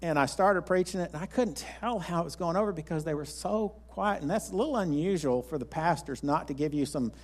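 A man's voice: fairly high pitch, a little fast, hardly any pauses. A man pastor, preaching a sermon in a folksy, rambling storytelling way with frequent restarts.

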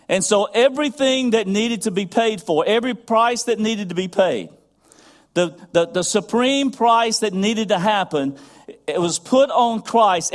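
Earnest male preacher, fairly high voice. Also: animated, unhurried. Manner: earnest preaching, builds in pitch and intensity, repeats phrases. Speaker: pastor. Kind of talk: sermon.

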